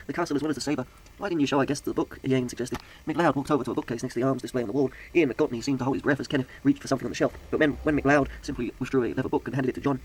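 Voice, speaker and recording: A man's voice: mid-range voice, husky, poor audio. A man reading a mystery story aloud, correcting his own slips as he goes. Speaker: narrator.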